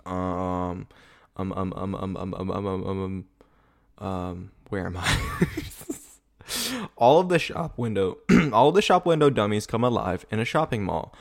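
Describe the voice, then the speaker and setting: Man in his twenties, lowish voice, casual host who rambles, curses and laughs a lot. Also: expressive, unhurried, gravelly. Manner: rambling, swearing, laughing often. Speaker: video podcast host. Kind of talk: casual rewatch commentary. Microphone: camera setup.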